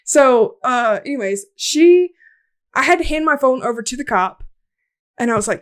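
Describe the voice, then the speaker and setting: High-voiced young woman telling a wild story. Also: moderate pace, long pauses. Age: young adult. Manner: animated, laughing, swearing, acting out voices. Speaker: podcast host. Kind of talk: casual storytelling chat.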